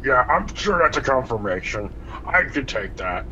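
A man's voice: medium pitch, very animated, normal speed, pushed and bright. A male caller who teases and mocks the host. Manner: mocking, teasing. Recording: dull lo-fi call with faint noise.

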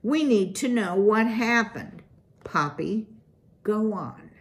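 A woman voicing an anxious but firm mother mouse who talks in a sharp, urgent way. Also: medium pitch, expressive, takes it slowly, pitched above the performer's own voice.

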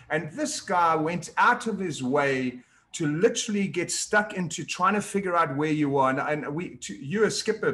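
A man's voice: fairly high pitch, a bit bright. A man hosting an interview show, listening closely and asking reflective questions. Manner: attentive, frequent murmured agreement. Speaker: talk show host. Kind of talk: interview chat.

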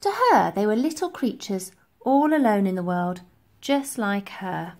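Lively slow-paced woman reading a story. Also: medium pitch. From England. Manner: lively, expressive storytelling with slow deliberate pacing. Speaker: reader.

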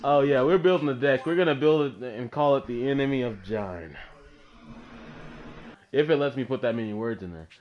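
A man's voice: mid-range voice, normal speed. A man hosting a casual gaming session with a friend, crude and teasing, swearing often. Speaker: gaming channel host. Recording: dull lo-fi capture with faint noise.

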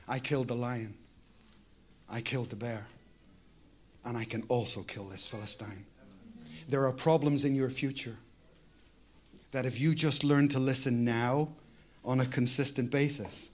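A man preaching a sermon as pastor, talking in a conversational way and often asking the congregation "Amen?". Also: mid-range voice.

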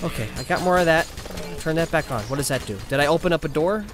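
A man playing a video game for his channel, excitable and yelping when things go wrong, muttering to himself in calmer moments. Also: on the high side, fast talker, background noise. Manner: excitable, yelps and panics, then mutters to himself. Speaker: gaming YouTuber. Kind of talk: let's play commentary.

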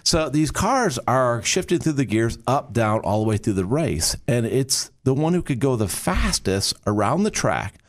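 A middle-aged man from Michigan hosting a podcast, talking in an animated, emphatic way and making playful sound effects. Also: mid-range voice, normal speed, hardly any pauses. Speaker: podcast host. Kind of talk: casual podcast talk.

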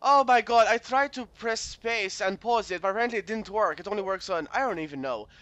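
A man's voice: high voice, fairly quick, a bit bright. A man doing let's play commentary, reading game text aloud and grumbling and swearing when the game annoys him.

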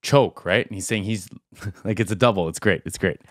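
A man's voice: fairly low pitch, moderate pace. A man hosting a music reaction video, talking casually and rambling aloud with lots of fillers as he thinks.

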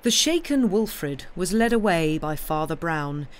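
A man with a slightly high voice reads a classic mystery aloud on a live stream. His narration is steady and even. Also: a little slow. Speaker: reader.

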